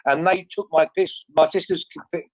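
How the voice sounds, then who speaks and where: A man's voice: a little high, fairly even intonation, normal speed, no echo, muffled recording. A man hosting a live online call, arguing combatively, interrupting and repeating himself. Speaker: live stream host. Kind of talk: heated live stream argument.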